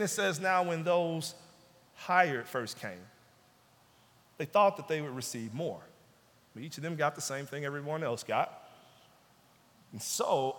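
A man pastor preaching a sermon with emphasis, repeating key phrases and dropping to hushed tones. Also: a little high, animated, measured pace. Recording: long hall reverb.

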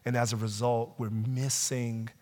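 A man's voice: medium pitch, level tone. Preaching man in an echoing church. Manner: swings from loud urgent pleading to hushed, slow, quiet passages. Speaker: pastor. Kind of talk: sermon. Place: church sanctuary. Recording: long hall reverb.

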